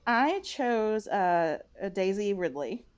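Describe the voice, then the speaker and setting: A woman's voice: medium pitch, very animated, slow, a crowd in the background. A woman co-hosting a casual chat, talking emphatically and rambling with fillers.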